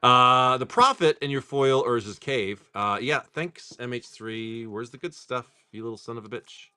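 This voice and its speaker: Hosting a live card-opening stream, a man chats loosely and profanely, calling out his pulls, laughing, and quoting comedy films. His medium-pitched voice moves at a moderate pace and sounds clear and resonant, with a sharp edge.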